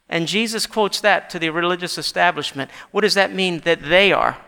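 A man preaching a sermon in a church, animated and rising to shouts when he quotes scripture. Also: high voice, moderate pace, gravelly, hardly any pauses, smooth, big-room sound. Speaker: pastor.

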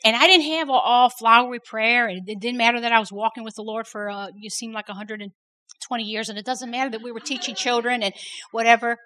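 A woman's voice: fairly high pitch, sharp tone, low-quality recording. Earnest middle-aged woman. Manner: earnest, repeats words for emphasis, many restarts. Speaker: women's conference workshop speaker. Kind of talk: faith testimony talk.

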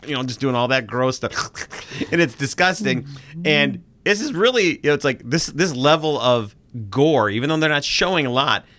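A man's voice: mid-range voice, expressive, normal speed, sharp tone. A man co-hosting a casual recap podcast, acting out scenes and sound effects as he talks. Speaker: podcast co-host. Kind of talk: casual episode recap chat.

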